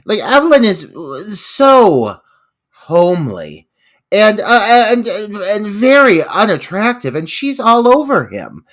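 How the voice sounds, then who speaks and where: A man's voice: high-pitched, huge pitch swings, takes it slowly, fairly bright tone. A man co-hosting a podcast, ranting about a film in an exasperated, profane, comic way. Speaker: podcast co-host. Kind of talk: casual movie recap chat.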